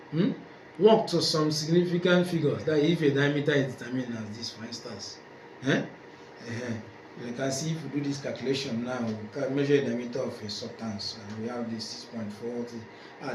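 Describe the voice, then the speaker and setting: A male lecturer teaching a class, who asks questions, answers them himself and repeats key points. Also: medium pitch. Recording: echoey room, faint background noise.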